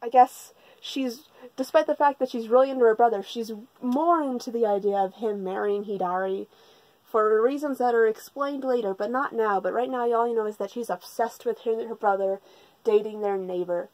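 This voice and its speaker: Woman reviewer, sarcastic and profane comedic recap, slightly high voice, dry close sound. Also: steady tone, moderate pace, a little mellow, no room sound, poor audio. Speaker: manga reviewer.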